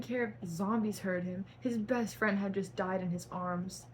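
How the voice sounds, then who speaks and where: A woman's voice: mid-range voice, steady tone, unhurried, hardly any pauses, a little hiss or hum, poor audio. A young woman reading her own fan fiction aloud in a melodramatic voice, stopping to cringe at the writing. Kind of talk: dramatic reading with asides.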